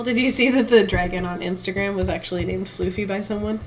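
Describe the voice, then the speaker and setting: A woman's voice: mid-range voice, steady tone, a little fast, few pauses, a little hiss or hum, poor audio. A young woman artist streaming live, thinking aloud and reading chat in a giggly, self-deprecating way. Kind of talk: casual live-stream chat while painting.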